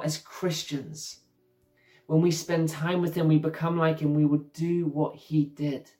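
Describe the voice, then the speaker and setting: A man's voice: on the high side, darkish tone. A middle-aged man preaching an earnest, conversational sermon as a pastor, often saying "you know".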